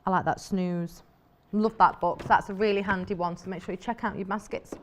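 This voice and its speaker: A woman hosting a live shopping-channel demonstration, talking in a chatty, enthusiastic, rambling way. Her voice sits in an ordinary middle pitch for a woman, and she is a studio presenter. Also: fairly even intonation, brisk, a little hiss or hum.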